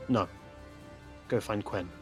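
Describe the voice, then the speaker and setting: A man voicing a male time traveller, energetic and guilt-ridden, speaking briskly in an audiobook reading. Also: lowish voice, music in the background.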